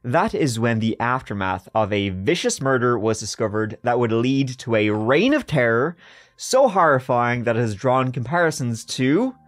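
A man's voice: medium pitch, normal speed. A young adult man co-hosting a podcast, narrating a true-crime story in a jokey, casual way. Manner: jokey, animated storyteller who riffs on his own narration.

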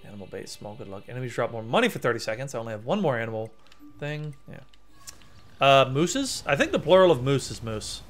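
Animated chatty male game streamer. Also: mid-range voice, brisk. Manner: chatty, rambling, excitable. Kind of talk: let's play commentary. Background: faint game music.

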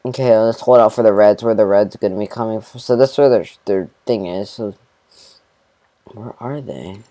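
Male gamer, casual let's-play commentary, rambling and slangy, shifts between mumbles and excited bursts. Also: fairly low pitch, moderate pace, low-quality recording. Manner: rambling, laid-back, full of fillers like "you know" and "bro". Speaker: gameplay commentator.

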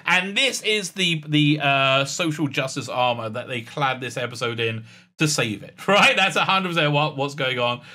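A man hosting his own channel and tearing into a TV episode, sarcastic and mocking. His talk rambles with lots of uh's and restarts. His voice is slightly high and very bright, with a sharp edge. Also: normal speed. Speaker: TV reviewer, channel host. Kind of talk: casual episode recap and review.

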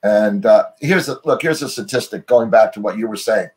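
A man's voice: on the low side, normal speed, a little mellow. A middle-aged American man, an interview guest, telling stories in a rambling way full of "you know" and restarts over a remote call. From United States. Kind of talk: casual interview storytelling.

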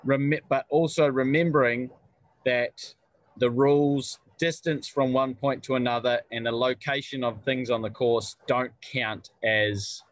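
A man's voice: medium pitch, fairly even intonation, a little slow, dry recording. A man co-hosting a podcast, explaining things patiently in a casual chat. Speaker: podcast co-host.

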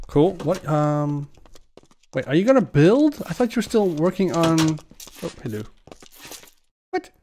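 A man's voice: a little high, a little mellow, slight background noise. Chatty man narrating his gameplay. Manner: chatty, talks to game characters. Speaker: let's play host. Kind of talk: casual gameplay commentary.

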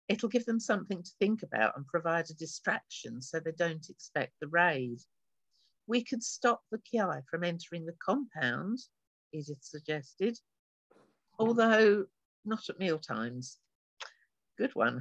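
Author reading her novel aloud, bright and dry. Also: medium pitch, no echo, highs cut off.

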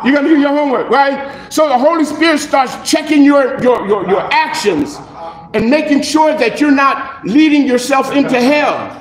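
A male pastor preaching a sermon in an animated, conversational way, acting out little dialogues. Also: extremely high pitch, unhurried, echoey room. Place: church.

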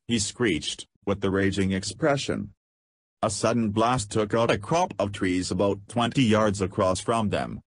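A man's voice: lowish voice, slightly rough, no room sound. A man narrating an audiobook, reading in a scripted way and voicing punctuation marks aloud.

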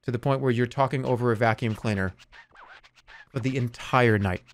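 A man streaming from his room at home, chatting casually in a joking, excitable way with sudden loud outbursts. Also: medium pitch, normal speed. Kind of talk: casual live-stream chat.

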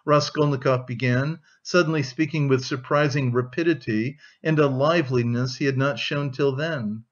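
A man narrating an audiobook of a classic novel in steady, even scripted storytelling. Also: medium pitch, normal speed, hardly any pauses, highs cut off.

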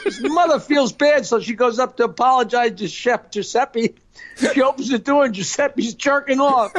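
A man's voice: very high-pitched, moderate pace. An older man, a guest joke teller, rattling off dirty jokes in a brash way and cackling at his own punchlines. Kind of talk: rapid-fire dirty joke telling.

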